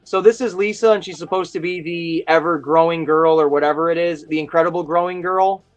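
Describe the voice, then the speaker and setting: Man, high voice, casual stream host, rambling and excitable, faint music behind. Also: brisk. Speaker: host of a toy chat live stream. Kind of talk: casual chat.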